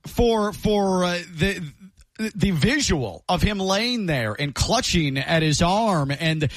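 A man's voice: sits high, expressive, slow, no echo. A man co-hosting a casual sports talk show, agreeable and thinking aloud as he talks. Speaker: sports radio co-host.

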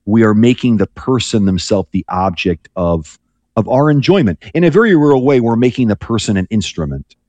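A low, mellow male voice, a priest on a radio call-in show. He talks reflectively, often restarting his sentences, and the sound is dry and close. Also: animated, moderate pace, no room sound, highs cut off. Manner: thoughtful, rambling with frequent restarts.

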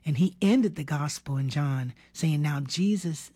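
A woman preaching a sermon, earnest and given to repeating herself, sinking into a husky near-whisper on key lines. Her voice is low and mellow. The recording is dry and close. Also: a little slow, dry recording. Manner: earnest, drops to a hushed whisper for key words; repeats words and restarts phrases.

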